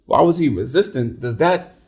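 A man's voice: a little high, expressive, moderate pace, a little mellow. A man in a casual discussion, making his points earnestly, step by step.

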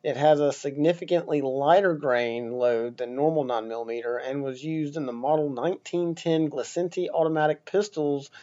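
A man's voice: on the high side, warm tone, dull audio. A man hosting a casual solo podcast, talking bluntly and joking with frequent swearing. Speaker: podcast host.

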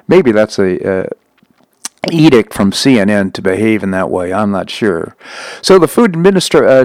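A man's voice: fairly low pitch, darkish tone, no room sound, rough recording. A man hosting a talk show, reading news items aloud and breaking off for asides, with frequent slips and restarts. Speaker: radio talk show host.

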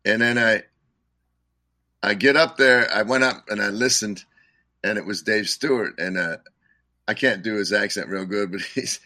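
Interview guest, male, low and forceful timbre, dry close sound, loose storyteller with restarts. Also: normal speed, pauses often, no echo. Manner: rambling, chuckling, many restarts. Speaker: guest musician.

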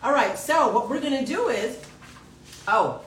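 A woman hosting a live podcast in casual chat, animated and sometimes loud, laughing often. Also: high-pitched, a little slow, reverberant, far from the mic, slight background noise, low-quality recording. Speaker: podcast host.

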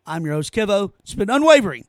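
A man's voice: high voice, big pitch swings, fast, dry recording, clean studio sound. A man hosting his own opinion podcast, ranting in an exasperated way straight to his listeners. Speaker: podcast host.

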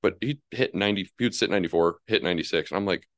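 Young man, rapid talker, lowish voice, dry close sound, animated storyteller. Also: no room sound. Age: 20s. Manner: animated storyteller, acts out quotes in high voices. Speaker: podcast co-host, college baseball pitcher. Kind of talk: casual chat.

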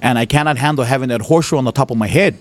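A man from Hawaii, a preacher giving his testimony, who tells his story with lively jumps in voice and frequent laughter. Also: very fast, slight background noise. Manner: animated storytelling, voice jumps high and loud when retelling his outbursts; laughs often. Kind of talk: testimony to an audience.

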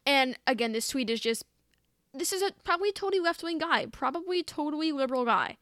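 A woman's voice: sits high, expressive, fairly quick, fairly bright tone, no echo, studio quality. A young woman hosting a podcast, reading posts aloud with sarcastic, exasperated commentary and frequent restarts. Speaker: podcast host.

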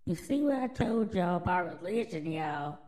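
A woman's voice: fairly low pitch, lively intonation, moderate pace, darkish tone, rough recording. A woman hosting a podcast alone, delivering a crude, rambling, mock-conspiratorial monologue full of swearing. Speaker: podcast host.

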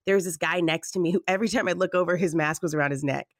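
A woman's voice: fairly low pitch, racing, no room sound, studio quality. A woman from the United States hosting a podcast, chatting casually with a lot of laughter and mimicking the people she talks about in put-on voices. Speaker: podcast host. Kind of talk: casual comedic chat. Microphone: audio-only call, no video.

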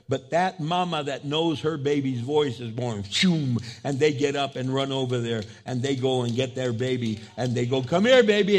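Husky-voiced man preaching with big swings. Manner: preaching with big swings in pitch and loudness, voicing quoted speech. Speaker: pastor. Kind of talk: sermon. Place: church, with an online audience.

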